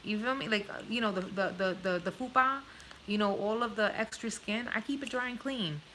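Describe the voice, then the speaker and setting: Woman, New Jersey accent, blunt live-stream chatter, bright voice, light background hiss. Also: medium pitch, brisk, low-quality recording. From born in Puerto Rico, raised in New Jersey. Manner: blunt, frank, swears freely. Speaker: vlogger answering live viewer questions. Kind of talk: casual live-stream chat.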